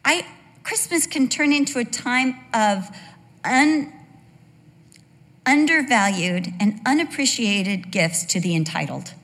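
A woman's voice: on the high side, expressive, takes it slowly, fairly bright tone. A woman, a pastor's wife, giving a candid and humorous church talk full of personal asides. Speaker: pastor's wife speaking to a congregation. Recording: long hall reverb.

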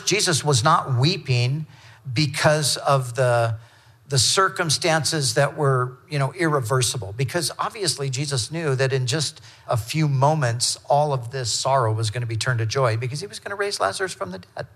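A man's voice: medium pitch, fairly bright tone. A man preaching a sermon in an earnest, conversational way, reading Scripture aloud as he goes. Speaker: pastor.

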